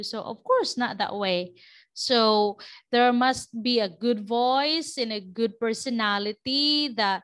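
A woman's voice: medium pitch, fairly even intonation, slow pace, a bit bright. A woman teacher giving a classroom lecture, explaining step by step with frequent restarts and checks of "okay".

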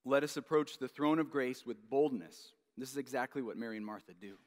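A man preaching a sermon as pastor, earnest, repeating key phrases and dropping to a hush at the ends of lines. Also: medium pitch, fairly quick, big-room sound. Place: church sanctuary.

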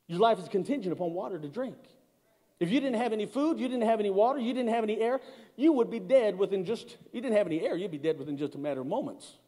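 A man preaching a sermon as pastor, calling out to his congregation, swinging between loud emphatic lines and slow, quiet ones. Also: sits high, big pitch swings. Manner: call-and-response with the congregation. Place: large church hall. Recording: long church reverb.

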